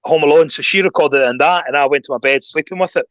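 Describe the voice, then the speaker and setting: Scottish man, bright tone, lively ranting storyteller in a casual podcast chat. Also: on the high side, quick pace, no room sound, dull audio. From Scotland. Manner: animated storyteller, voice jumps up when ranting. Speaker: guest.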